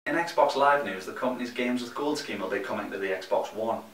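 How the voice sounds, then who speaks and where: A young Geordie man rattles through gaming news at a quick clip, with dry, teasing asides between the items. His voice sits in a roomy, echoey space, picked up from a little way off the mic. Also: mid-range voice, fairly bright tone. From North East England. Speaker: co-host of a gaming news show. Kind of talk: scripted comedic news reading. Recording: roomy echo, mic at a distance.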